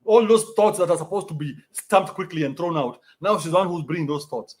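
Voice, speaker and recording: A man's voice: a little high, brisk, hardly any pauses. A man with a Kenyan accent hosting a livestream, reading out donations and ranting bluntly with plenty of profanity.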